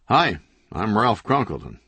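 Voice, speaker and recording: A man's voice: fairly low pitch, sing-song, a little slow, bright, forceful tone, breathy edge, dry recording, full character voice. A man voicing a big, friendly male author who is eager and oblivious.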